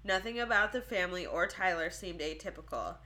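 A woman's voice: fairly low pitch, animated, a little fast, bright, forceful tone. A woman co-hosting a casual true-crime podcast, reading out case notes and joking and laughing between the facts. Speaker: podcast co-host.

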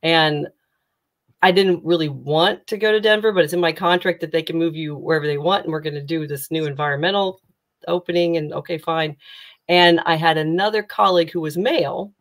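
A middle-aged woman, a career coach and former reporter, telling her story candidly in an interview, animated and often restarting her sentences. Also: fairly quick. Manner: animated, with sharp rises in pitch when retelling tense moments; frequent restarts and self-corrections.

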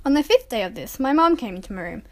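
A woman narrating a first-person story in a calm, measured reading voice. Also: a little high.

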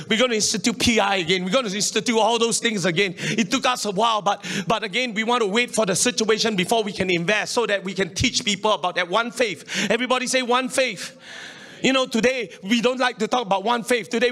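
A man's voice: sits high, a little fast, sharp tone. A middle-aged man preaching a sermon. He talks emphatically, repeats himself and keeps calling on the congregation to respond, with frequent chuckles between points. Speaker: pastor.

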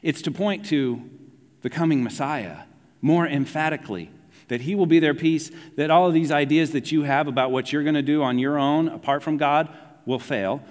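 Man preaching in a reverberant hall. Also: normal speed. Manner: animated, conversational preaching, dropping low for emphasis. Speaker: pastor. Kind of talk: sermon.

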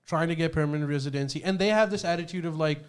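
A man's voice: a little high, racing, clean tone. A man in casual chat, telling stories animatedly and swearing freely.

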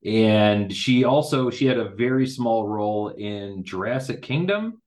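Lower-voiced rambling male podcast host. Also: animated, a little mellow. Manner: rambling, self-deprecating, halting restarts. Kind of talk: casual interview talk.

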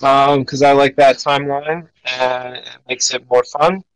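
A man's voice: mid-range voice, little pitch movement, measured pace, clear, resonant tone, no room sound, poor audio. A man hosting a casual podcast chat, rambling with frequent restarts. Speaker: podcast host.

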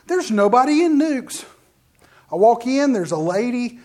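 A middle-aged minister tells an animated story as a sermon testimony, addressing the congregation directly with asides and often restarting mid-sentence. The voice is mid-range and a little slow.

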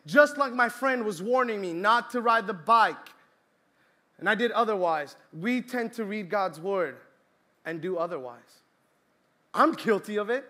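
Young male preacher from Colombia, high bright tone, animated storyteller. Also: unhurried. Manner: storytelling, lively, shouts and laughs in the story. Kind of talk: sermon.

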